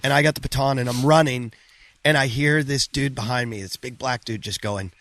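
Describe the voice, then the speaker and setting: A male podcast host with a laid-back, joking manner who swears casually. His pitch sits in the middle range for a man. The sound is close and dry. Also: steady tone, brisk, fairly bright tone, no echo. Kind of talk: casual chat.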